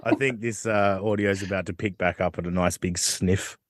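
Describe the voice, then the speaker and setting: A man's voice: deep voice, steady tone, fairly quick, no echo, clean studio sound. A man co-hosting a comedy podcast, incredulous and laughing often as he picks apart a clip. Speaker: podcast co-host. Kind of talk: casual comedic chat.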